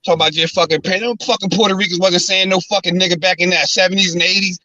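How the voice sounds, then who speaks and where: A man's voice: sits high, fairly even intonation, rapid-fire, few pauses, sharp tone, dry recording, muffled recording. A man arguing aggressively and profanely, stammering as he presses his questions. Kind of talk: heated argument.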